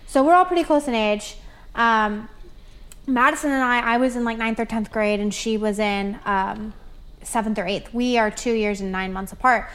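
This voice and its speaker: A woman in her twenties chatting casually and telling animated family stories with lots of fillers. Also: on the high side, moderate pace. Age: 20s. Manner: animated storyteller, many fillers. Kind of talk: casual chat, storytelling.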